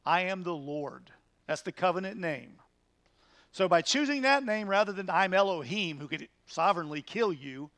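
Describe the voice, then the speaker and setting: A man leads a midweek Bible study as pastor, teaching in an earnest, emphatic way and pushing his points with rhetorical questions. His voice sits fairly high for a man. The sound is close and dry, with almost no room echo. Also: fairly bright tone.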